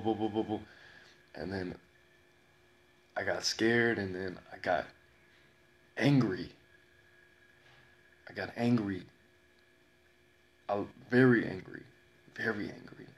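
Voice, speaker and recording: A man telling a personal story in a slow, dramatic way, repeating phrases and pausing often. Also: low-pitched, vocal fry, a little hiss or hum. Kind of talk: personal story told to camera.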